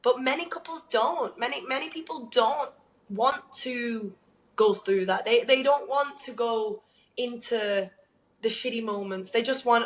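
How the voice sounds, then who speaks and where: A woman co-hosting a podcast, telling a candid personal story in an animated way, laughing often and using lots of "like.". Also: a little high, a little slow, roomy sound, rough recording. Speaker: podcast co-host.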